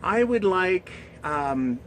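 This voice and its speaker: A man's voice: sits high, expressive, extremely slow, fairly bright tone, a little hiss or hum, pitched above the performer's own voice, exaggerated voice, poor audio. A man voicing a gullible woman who gushes over her genie's wishes. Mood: gushing. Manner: gushing, breathless.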